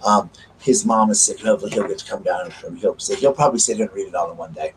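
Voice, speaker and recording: A man's voice: fairly low pitch, very fast, slight background noise, poor audio. A man with a Southern US accent hosts a casual live stream from home, chatting and gushing as he greets viewers by name. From South Carolina, US.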